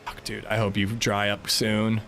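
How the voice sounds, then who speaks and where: A man's voice: lowish voice, monotone, normal speed, a bit bright, a little hiss or hum. A male streamer chatting casually while gaming, swearing lightly and laughing easily.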